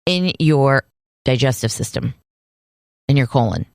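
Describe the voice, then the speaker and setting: Low-voiced woman co-hosting a chatty podcast. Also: animated, unhurried, vocal fry, a little mellow, no echo, studio quality. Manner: chatty, laughs easily. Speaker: podcast co-host. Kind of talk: casual chat.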